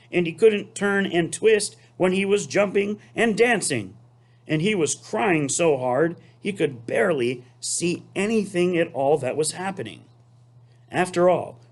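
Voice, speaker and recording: Slow, expressive man reading a story. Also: a little high. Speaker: teacher reading to students. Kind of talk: storybook read-aloud.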